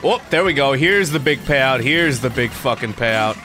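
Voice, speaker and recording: A man's voice: medium pitch, lively intonation, moderate pace. A young man streaming a video game, reacting aloud with frequent swearing and sudden frustrated outbursts. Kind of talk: casual gaming stream commentary.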